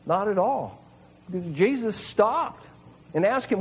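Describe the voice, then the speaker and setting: Husky-voiced man preaching earnestly. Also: high-pitched, expressive, unhurried, low-quality recording. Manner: earnest, emphatic repetition. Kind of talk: sermon reading and explaining scripture.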